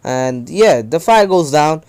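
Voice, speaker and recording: A man's voice: on the high side, animated, slow, darkish tone, clean tone. A young man casually retelling a fan-made story, rambling with frequent fillers and self-corrections.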